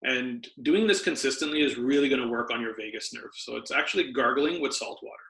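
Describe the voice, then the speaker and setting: Bright-voiced man explaining health tips. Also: mid-range voice, a little fast, gravelly. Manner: patient, explanatory, lecturing tone. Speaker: podcast guest, doctor. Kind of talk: explanatory podcast interview. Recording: roomy echo.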